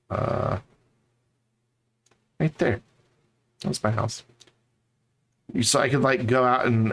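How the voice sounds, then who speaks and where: A man's voice: on the low side, a little hiss or hum. A man streaming a game, chatting casually and rambling to his viewers. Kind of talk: casual live-stream chat.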